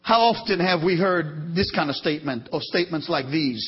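A man preaching a sermon dramatically, rising to loud emphatic peaks and dropping to soft asides, often repeating and correcting himself. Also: a little high, expressive, moderate pace, hardly any pauses, breathy edge. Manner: repeats words and corrects himself mid-sentence. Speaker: pastor. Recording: dull lo-fi recording.

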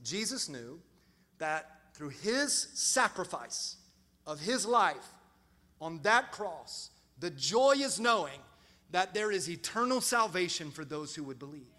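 A middle-aged pastor preaches in a high, bright, ringing voice. He tells lively stories and acts out quotes with big jumps in loudness. The sound carries a long reverb from a large church hall. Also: takes it slowly. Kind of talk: sermon.

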